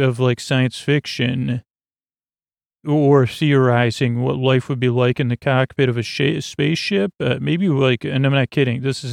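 A man's voice: gravelly, darkish tone, no echo, clean studio sound. A man hosting a sleep podcast, recapping an episode in a rambling, meandering way with many fillers and self-corrections. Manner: low-key, drifting and digressive. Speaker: podcast host.

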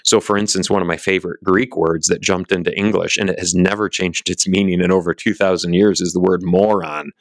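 A man's voice: deep voice, fairly even intonation, brisk, few pauses, no room sound. A man giving a casual teaching talk, rambling and self-deprecating, often restarting his sentences.

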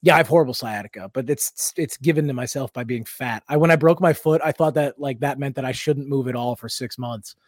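A man's voice: mid-range voice, brisk, hardly any pauses, no room sound, studio quality. A man co-hosting a comedy podcast, rambling and joking with frequent laughs. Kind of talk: casual comedic chat.

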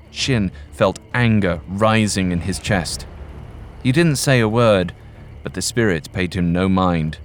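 A man narrating a scripted ghost story in a calm, measured manner. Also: low voice. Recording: narration over soft music.

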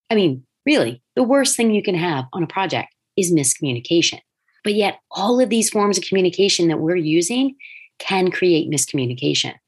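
A woman's voice: medium pitch, husky. A middle-aged woman hosting a podcast, talking casually and telling stories, acting out other people's words along the way. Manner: animated storytelling, acts out quoted voices. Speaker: podcast host, designer. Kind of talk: casual solo podcast talk.

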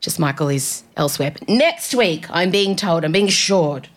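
A woman's voice: on the low side, animated, moderate pace. Chatty woman hosting a podcast. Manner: chatty, self-mocking storytelling. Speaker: podcast host. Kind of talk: casual comedic monologue. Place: new podcast studio.

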